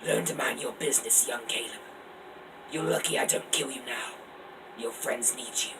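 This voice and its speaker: A man voicing a mysterious, menacing old male oracle in a hushed, whispery strange voice that can burst into a shout, recorded from a distance with a faint air-conditioner hum. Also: medium pitch, moderate pace, lightly acted. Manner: sudden shouted outbursts.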